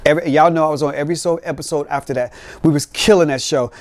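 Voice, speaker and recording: A man hosting a podcast, telling lively, streetwise stories and acting out beats with his mouth. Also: on the high side, fast talker, no room sound. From Cincinnati. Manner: animated, streetwise storytelling with sound effects. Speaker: podcast host. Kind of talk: storytelling.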